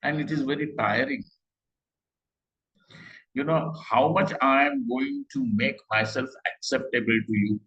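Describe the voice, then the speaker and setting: A middle-aged man giving a scripture class, talking conversationally with rhetorical questions and slow Sanskrit quotes. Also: medium pitch, a bit bright, highs cut off. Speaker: Vedanta teacher.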